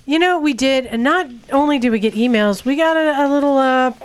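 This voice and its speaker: Woman, podcast co-host, upbeat, teasing, fairly high voice. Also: a little fast. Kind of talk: casual chat.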